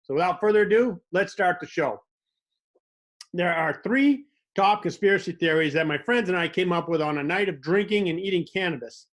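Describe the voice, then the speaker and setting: A man's voice: sits high, moderate pace. A man hosting a comedic monologue, telling wry stories with little mock dialogues. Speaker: host.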